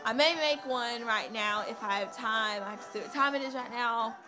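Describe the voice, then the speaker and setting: A woman's voice: on the high side, moderate pace, music in the background. A young woman vlogging a personal story, rambling and hesitant with many fillers.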